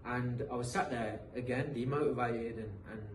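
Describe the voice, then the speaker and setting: A man's voice: medium pitch, steady tone, moderate pace. An earnest British man in his thirties tells his football story in a loose, conversational way, restarting phrases as he goes. He sits a little back from the mic in an echoey room with a faint hiss behind him. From England. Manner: earnest, motivational, frequent restarts. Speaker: guest, professional footballer. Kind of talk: casual interview storytelling. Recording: roomy echo, distant mic, faint noise.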